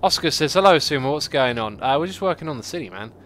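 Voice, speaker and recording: A man giving casual, chatty livestream commentary while building a city in a game, reacting out loud to it and answering chat. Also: fairly high pitch, lively intonation, a little hiss or hum. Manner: chatty, talks to the game and to chat, quick exclamations. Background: faint background music.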